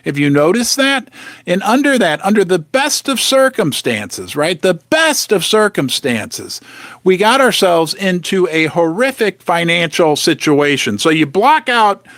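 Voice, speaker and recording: Host, man, high voice, emphatic and chatty, dry close sound. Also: big pitch swings, measured pace, fairly bright tone, no echo. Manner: emphatic, rhetorical questions, jokey asides. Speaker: host of a precious metals channel. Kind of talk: animated casual monologue to camera.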